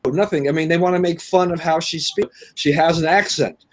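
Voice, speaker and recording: A man's voice: fairly high pitch, moderate pace. A man co-hosting a political talk show, agreeing and restarting his sentences often. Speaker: co-host. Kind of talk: political commentary chat.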